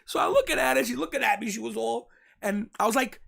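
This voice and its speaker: A man, hosting a live show and telling stories in a brash, mocking, animated way. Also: high voice, quick pace, gravelly. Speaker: host. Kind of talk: casual live-stream rant.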